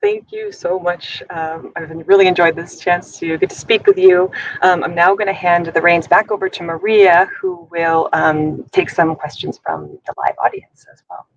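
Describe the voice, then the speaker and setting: A woman interviewing an author, asking polite and measured questions. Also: fairly low pitch, fairly even intonation, highs cut off, slight background noise.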